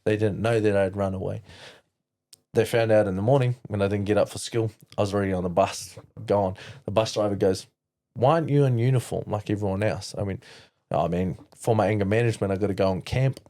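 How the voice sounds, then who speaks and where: A man's voice: fairly low pitch, steady tone, a little fast, dark tone. A New man telling his life story as a podcast guest, candid and rambling, with lots of fillers and swearing. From New Zealand. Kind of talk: casual storytelling.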